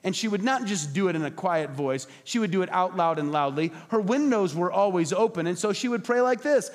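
Pastor, male, high voice, sermon with storytelling and acted-out quotes, big church reverb. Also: expressive, a little fast, hardly any pauses.

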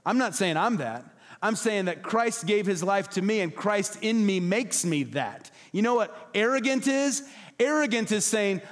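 A man preaching a passionate sermon as pastor, emphatic and repetitive, at times dropping to soft, low tones. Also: expressive, unhurried, big-room sound. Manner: acts out quoted voices, drops to soft low tones. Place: church hall.

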